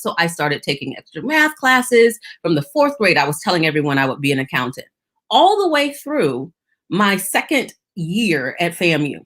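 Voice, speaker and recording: A woman in her fifties, a guest on a faith talk show, telling her story with lively acted-out quotes. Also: mid-range voice, moderate pace. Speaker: guest speaker. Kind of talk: testimony in a faith interview.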